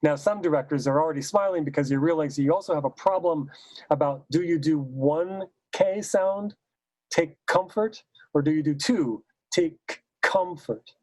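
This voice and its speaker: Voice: mid-range voice, brisk, warm tone, no room sound, rough recording. A choral conductor leading a recorded teaching seminar. They explain patiently, point by point, and say example words both the wrong way and the right way. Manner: explains patiently, stepping through points one by one. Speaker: choral conductor and clinic leader.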